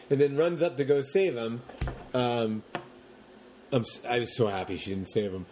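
A man co-hosting a podcast, chatting casually about movies in long, animated rants and mocking the characters as he goes. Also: medium pitch, moderate pace, a little hiss or hum. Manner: rambling, animated rants with mocking put-on quotes. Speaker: podcast co-host.

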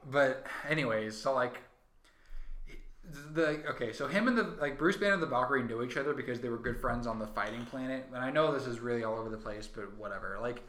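A man's voice: medium pitch, fast, fairly bright tone. A man co-hosting a podcast, talking casually in a rambling, profane way full of fillers. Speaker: podcast co-host. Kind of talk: casual chat. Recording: roomy echo.

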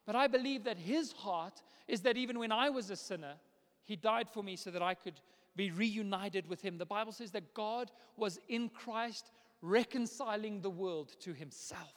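A man in his thirties, a pastor, preaching a sermon in a church auditorium in a conversational, animated way. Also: high-pitched, moderate pace. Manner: conversational, animated storytelling with laughs. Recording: long reverb of a large hall.

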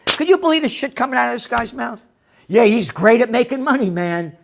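A man's voice: very high voice, brisk, creaky, background noise. A man ranting angrily about the news, swearing often and mocking the people he quotes. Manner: angry, profane, sarcastic, mocking quoted people. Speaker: commentator.

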